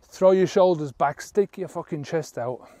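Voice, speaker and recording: A sobriety coach addresses the camera about giving up alcohol, earnest and straight-talking, with casual swearing and frequent "right?" check-ins. His voice sits a little high, moves at normal speed, and sounds warm, with no room sound.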